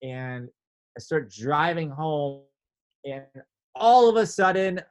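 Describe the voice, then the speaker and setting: A man telling a story in casual chat, animated, acting out his own quotes with big jumps in pitch. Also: slow pace.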